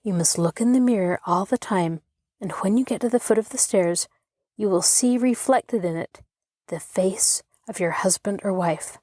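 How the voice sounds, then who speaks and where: A woman voicing a bossy young girl who leads a party game, speaking in a commanding, brisk way. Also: mid-range voice, dark tone, no room sound, clean studio sound, close to an everyday voice.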